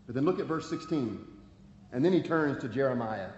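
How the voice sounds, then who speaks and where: A man's voice: mid-range voice, expressive, normal speed, darkish tone, a little hiss or hum. A man preaching a sermon, earnest and pleading, reading scripture aloud with emphasis. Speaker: pastor. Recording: echoey hall, dull lo-fi sound, faint ambience.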